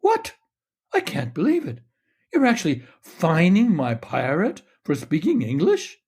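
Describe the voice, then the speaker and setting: Man doing a chatty middle-aged shop lady, higher pitched, friendly and a bit flustered. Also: huge pitch swings, normal speed, dark tone, breathy edge, heavily acted. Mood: incredulous.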